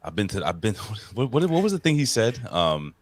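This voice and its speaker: A man co-hosting a wrestling podcast, talking in an excited, profane, rambling casual way. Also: on the low side, moderate pace. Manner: excitable, profane, jumps between topics. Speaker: podcast co-host. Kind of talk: casual chat.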